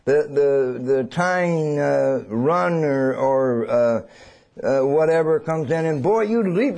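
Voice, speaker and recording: A man preaching a sermon. He swings between loud and hushed and acts out little scenes. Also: on the high side, expressive, slow pace, vocal fry.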